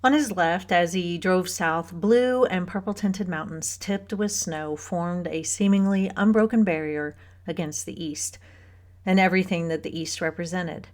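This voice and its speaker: This is scripted audiobook narration: a woman with a fairly low pitch reads a novel aloud, keeping her storytelling even and measured.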